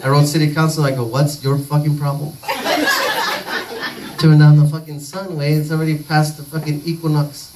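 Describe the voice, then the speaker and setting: A man's voice: on the high side, big pitch swings, moderate pace, long pauses. A man doing a rambling, crude stand-up comedy set full of profanity on a comedy club stage. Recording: distant mic, noisy live recording.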